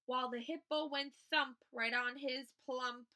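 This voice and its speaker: Woman teacher, storybook read-aloud, high bright voice, lively character voices. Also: measured pace, slight background noise, low-quality recording. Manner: expressive, acting out animal voices. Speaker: teacher reading a picture book.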